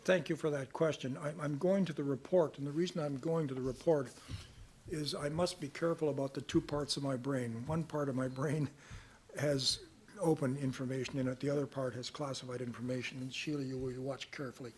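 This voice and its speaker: An older man from Canada answering reporters' questions at a press conference in a measured, deliberate way, at times reading aloud from a report. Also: medium pitch, fairly even intonation, darkish tone, slight background noise. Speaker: special rapporteur at a press conference.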